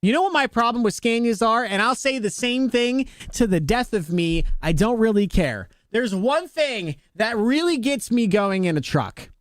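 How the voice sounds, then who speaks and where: A man's voice: very high-pitched, animated, normal speed, hardly any pauses, dry recording, clean studio sound. A young man livestreaming a game, ranting emphatically in casual slang to his chat. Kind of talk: casual gaming stream chat.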